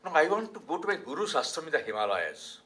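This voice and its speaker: A man's voice: on the high side, big pitch swings, fast talker, bright, forceful tone. An older man with an Indian English accent voicing a patient, wise minister in a spoken folk tale. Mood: calm. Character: calm, wise old minister.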